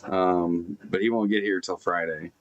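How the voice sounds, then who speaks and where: A man's voice: deep voice, fairly even intonation, measured pace, dull audio. A man live-streaming from inside his van, chatting casually and rambling with swearing and fillers. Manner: rambling, laid-back, swears often, many fillers and restarts. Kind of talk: casual live-stream chat, reading and answering comments. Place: inside a broken-down van in a forest snow park. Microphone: computer camera setup.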